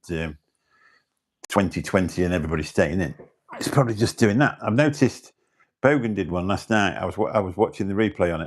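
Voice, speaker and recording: A British man hosting a livestream, chatting casually and rambling as he greets viewers in the chat. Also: sits low. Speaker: livestream host.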